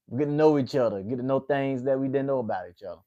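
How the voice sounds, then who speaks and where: Host: late-20s Southern man with an Atlanta accent, relaxed and chatty, talking to his viewers. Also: mid-range voice, fast, lo-fi sound. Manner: laid-back, chatty, reacting to chat. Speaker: livestream host. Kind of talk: casual chat with viewers.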